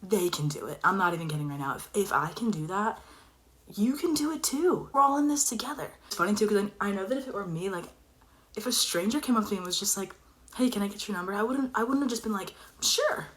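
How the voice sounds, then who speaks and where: A young woman telling a personal story in casual chat, animated and dropping into whispers for emphasis. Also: mid-range voice, fast talker.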